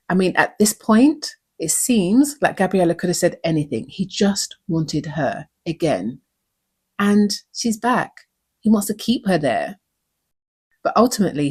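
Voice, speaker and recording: A woman's voice: on the low side, darkish tone, slightly rough. A woman hosting a recap show, talking in an earnest, reflective way and asking many questions. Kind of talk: recap commentary.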